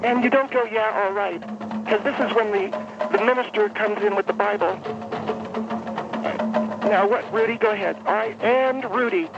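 A man's voice: high voice, normal speed, gravelly, long pauses, music in the background, voice pushed up. A man voicing an irritable middle-aged festival organizer who snaps and bosses people around over the phone. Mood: bossy. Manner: exasperated, snapping, bossy. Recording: muffled phone line, noisy background.

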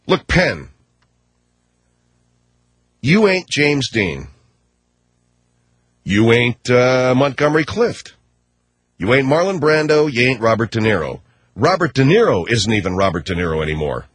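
Husky, combative ranting man. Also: mid-range voice, big pitch swings, unhurried, pauses often, no echo. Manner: combative, sarcastic, mocking. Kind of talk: radio rant.

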